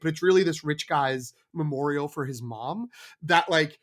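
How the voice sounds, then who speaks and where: A man's voice: a little high, moderate pace. A man from Boston hosting a casual film discussion, rambling and hesitant with many fillers. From Boston area.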